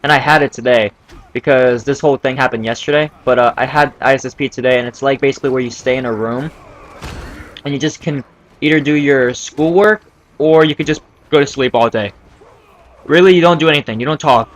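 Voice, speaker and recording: A man's voice: mid-range voice, a little fast, lo-fi sound. A teenage boy casually telling a story from school, rambling with many fillers and restarts. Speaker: vlogger.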